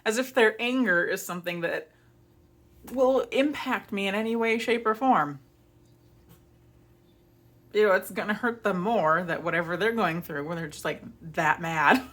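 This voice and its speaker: A woman's voice: mid-range voice, normal speed, pauses often, fairly bright tone. A young woman vlogger chatting casually to camera, telling stories and acting out her own flustered apologies. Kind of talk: casual chat.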